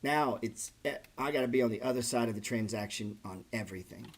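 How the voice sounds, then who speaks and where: Brisk and medium-pitched, a middle-aged man runs a trading livestream with loose, blunt chatter. He swears often and keeps calling listeners "bro" and "man."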